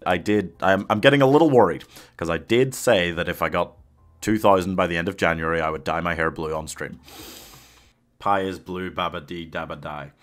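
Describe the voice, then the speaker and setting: A man live-streaming a game, talking casually to his chat and yelling at his pet dog. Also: deep voice, fairly quick.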